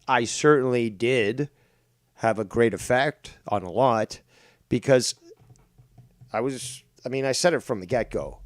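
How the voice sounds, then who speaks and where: A man hosting a livestream talk show in a rambling, profane, animated way. His voice sits in an ordinary middle pitch and sounds dry and close to the mic. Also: measured pace, pauses often, no echo. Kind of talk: casual livestream commentary.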